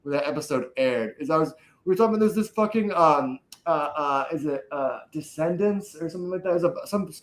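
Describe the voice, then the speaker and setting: A man's voice: fairly high pitch, expressive, quick pace, hardly any pauses. A man co-hosting a casual podcast chat, rambling and swearing, laughing often. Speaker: podcast co-host. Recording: echoey room.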